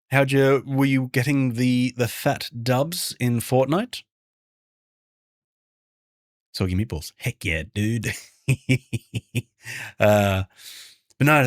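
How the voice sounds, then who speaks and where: This Brisbane man, an Australian variety streamer who also develops games, chats easily with his viewers and greets them by name. He often hushes his voice so the game won't hear. His mid-range voice comes through at studio quality with no room sound.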